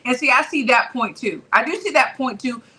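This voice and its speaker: Bright-voiced woman hosting boxing chat. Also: a little high, fairly quick, poor audio. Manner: conversational, reads out viewer comments. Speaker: host. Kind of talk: casual boxing talk show.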